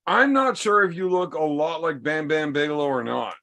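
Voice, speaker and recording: A man hosting a casual chat, teasing his guest with dry, deadpan questions. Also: a little high, moderate pace. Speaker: podcast host.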